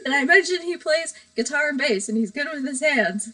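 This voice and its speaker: A woman's voice: high voice, animated, fairly quick, sharp tone, low-quality recording. A woman hosting a casual live stream from her bedroom, rambling, giggly and self-deprecating. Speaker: livestream host.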